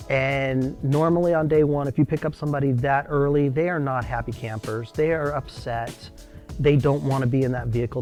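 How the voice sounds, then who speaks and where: A man casually telling an anecdote about his time as a roadie on a charity bike ride, acting out the people he quotes. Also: mid-range voice. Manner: animated storytelling, quoting others.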